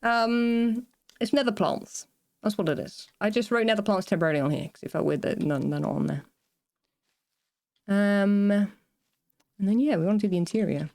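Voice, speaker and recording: A woman's voice: medium pitch, normal speed, long pauses, darkish tone, no room sound. A woman streaming herself building in a game, chatting casually in a rambling way, breaking off mid-sentence and laughing as she talks to her viewers. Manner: rambling, self-interrupting, laughs often, talks to chat. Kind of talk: casual livestream chat while building in a game.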